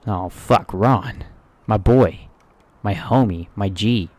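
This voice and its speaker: A man's voice: fairly low pitch, slow pace, a little mellow, dry recording. A man in casual let's-play commentary, joking, swearing and muttering reactions on a close microphone. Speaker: gaming streamer.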